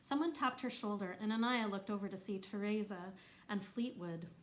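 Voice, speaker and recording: A woman reading a novel aloud as narrator, lifting her voice for the characters who shout. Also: medium pitch, normal speed, poor audio. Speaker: audiobook narrator. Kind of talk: scripted narration.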